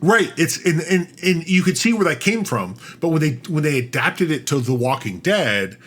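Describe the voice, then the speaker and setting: A man co-hosting a podcast, retelling a tabletop game session in a rambling, animated way, full of restarts and fillers. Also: a little high, normal speed. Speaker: podcast co-host. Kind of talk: casual storytelling chat.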